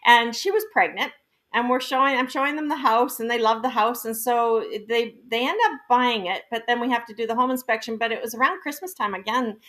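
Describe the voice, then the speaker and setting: A woman's voice: fairly high pitch, steady tone, brisk, a bit bright. A woman, a guest realtor, sharing stories in a giggly way, laughing as she talks. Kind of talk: casual storytelling chat.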